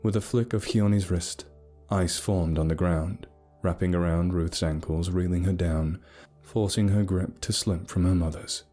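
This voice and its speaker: A man narrating a scripted horror story in a steady, grave storytelling manner. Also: low-pitched, a little slow. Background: soft music.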